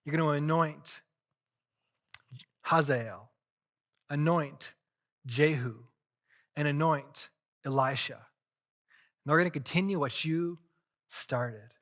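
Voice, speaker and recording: A man voicing God as a calm, reassuring figure who speaks gently and deliberately. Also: a little high. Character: calm, reassuring divine male voice.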